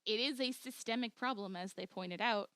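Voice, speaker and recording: A woman's voice: fairly high pitch, moderate pace, a bit bright, no room sound. A woman giving an informal commentary monologue, peppered with "like", acting out the quotes she cites. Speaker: video commentator.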